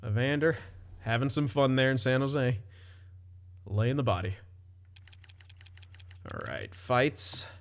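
A man's voice: medium pitch, lively intonation, slow, long pauses. A young man casually commenting on his own hockey game, chatty, often laughing and swearing loosely. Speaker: gaming commentator.

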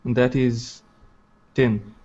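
A man speaking as a player in a tabletop game, hesitant and halting in his phrasing. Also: medium pitch, level tone, dull audio, noisy background. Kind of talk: casual tabletop play.

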